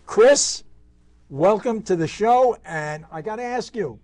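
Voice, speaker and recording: A man's voice: high voice, expressive, slow, a little mellow. A man hosting a talk show, chatting and asking his guest questions. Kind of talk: casual interview chat.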